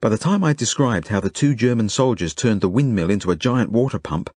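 Low husky guy reading his own kids' novel, earnest, gentle. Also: lively intonation, no echo, clean studio sound. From Australia. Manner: earnest, measured, gentle storytelling. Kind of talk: first-person audiobook narration.

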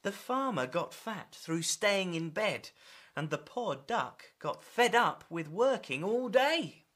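A woman reading a picture book aloud for children. Her delivery is bright and lively, rising and falling a great deal. She reads slowly and carefully. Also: lowish voice. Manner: expressive, animated. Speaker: storyteller.

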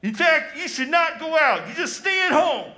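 A male comedian doing a mock impression of a fussy, alarmist public health doctor, in a high, strained voice, on a comedy club stage. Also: big pitch swings, moderate pace, pushed and bright, heavily acted. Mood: alarmed. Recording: live club mic with crowd.

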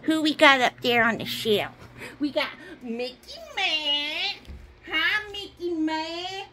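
Woman, playful child-directed home-video talk, high and lively, unhurried. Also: background noise. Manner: sing-song, slow, child-directed; drawn-out repeated soft yeahs. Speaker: home video maker playing with toys for a child.

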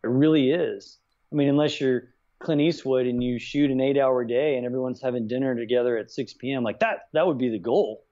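A man's voice: mid-range voice, brisk. A middle-aged man, a writer-director guest, chatting in an interview and acting out quoted dialogue as he tells stories. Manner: animated, acts out quoted dialogue. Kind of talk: casual interview storytelling. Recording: dull lo-fi sound.

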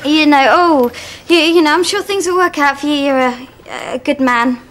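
An actress playing a dry, sarcastic young barmaid in a sitcom, speaking deadpan. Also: female voice, high-pitched, normal speed. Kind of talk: sitcom acting.

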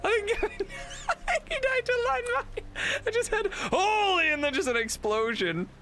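A man streaming a game, excitable and taunting, laughing and shouting at his friends. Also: very high-pitched, moderate pace. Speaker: gaming streamer. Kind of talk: casual gameplay banter. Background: game music.

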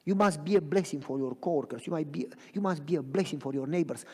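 A man preaching a sermon in a church, dramatic, swinging from loud cries to near whispers and asking the congregation if they follow him. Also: fairly high pitch, fast, slightly rough. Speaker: pastor. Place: church sanctuary. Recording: long reverb of a church hall.

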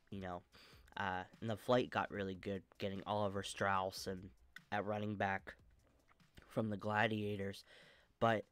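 A young man with a stuffy nose talks through his sports game plans in a flat, monotone way, stopping often for fillers and restarts. His voice sits low and comes across smooth and clean. The recording is close and dry, with no room sound. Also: dry recording. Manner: rambling with many fillers and restarts. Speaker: channel host. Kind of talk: casual video game franchise commentary.

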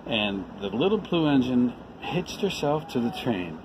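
A man reading a children's picture book aloud, expressive and lively. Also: mid-range voice, a little slow, few pauses, noisy background. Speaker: read-aloud reader.

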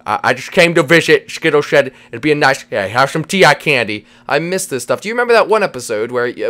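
A man's voice: mid-range voice, a bit bright, clean tone, close to an everyday voice. Dude doing a chill lego guy voice, says man all the time. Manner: drawling, says "man" every line. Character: laid-back dude Lego figure who says "man" constantly. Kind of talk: Minecraft role-play.

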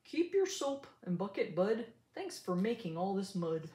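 A woman's voice: medium pitch, very animated, measured pace, mellow. Lady doing cheeky muddy pigs, smug and mocking, echoey room. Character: gang of defiant, mud-loving pigs.

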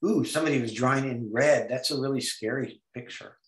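Playful man, mid-pitched, teaching comics over a video call, adds silly noises while drawing, echoey room. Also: brisk. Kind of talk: online drawing lesson.

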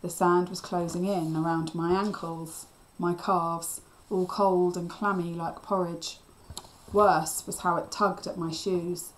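A woman teacher reading a children's novel aloud in a steady, expressive storytelling voice. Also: on the low side, slow, poor audio.

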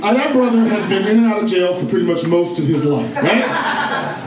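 A man doing a stand-up comedy set, sassy, brash and profane, with loud outbursts. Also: sits high, animated, fairly quick, a loud crowd. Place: comedy stage before a live audience. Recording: echoey live room from far off, audience.

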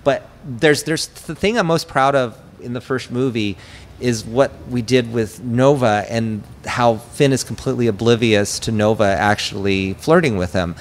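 Brief: male director guest, mid-pitched voice, animated storyteller who slips into character lines. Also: normal speed. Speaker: film director, podcast guest. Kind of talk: casual interview chat.

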